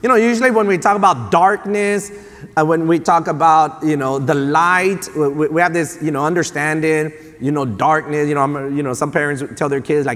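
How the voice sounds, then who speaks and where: A man in his thirties preaching in a church sanctuary, his rather high voice ringing with the long reverb of the hall. He tells his stories in an animated, loose way, full of fillers and restarts, and he keeps coming back to his point. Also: normal speed. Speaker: pastor. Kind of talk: sermon.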